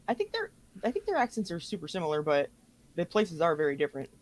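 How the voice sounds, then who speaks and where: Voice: medium pitch, wildly swooping pitch, fast. A podcast co-host in casual chat who gives short replies and asks curious questions. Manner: brief backchannels, curious questions.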